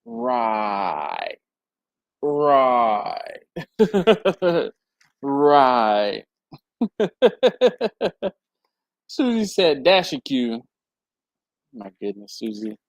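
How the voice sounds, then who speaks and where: Male livestream host, chatty and quick to laugh, very animated pitch, dry recording. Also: no room sound. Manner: chatty, laughs often, lively swings in pitch. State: hot and sweaty. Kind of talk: casual livestream chat, reading viewer comments aloud. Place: warm home garage with a fan and air handler.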